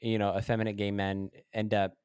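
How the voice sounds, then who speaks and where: A man hosting a casual interview, relaxed and agreeable in manner. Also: fairly low pitch, a little fast, clear, resonant tone, dry recording, studio quality. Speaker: podcast host.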